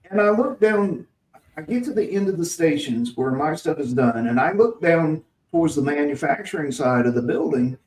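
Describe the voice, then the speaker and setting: A man from Mississippi, hosting a podcast, tells a long, rambling story from work, with many restarts and chuckles. His pitch is fairly high and his tone darkish, recorded from a distance with a roomy sound.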